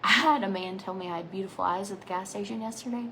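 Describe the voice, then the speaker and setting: A woman in her thirties talks casually while doing her makeup, wandering from topic to topic. She often lets her phrases trail off into a soft near-whisper. The close mic picks up a faint background hiss. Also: mid-range voice, quick pace, poor audio. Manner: rambling and chatty, drifting between asides. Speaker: makeup vlogger. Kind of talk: casual chatty makeup vlog.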